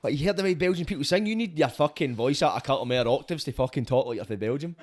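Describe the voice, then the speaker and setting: A man hosting a podcast, joking and swearing in quick casual chat. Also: fairly high pitch, lively intonation, darkish tone. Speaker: podcast host.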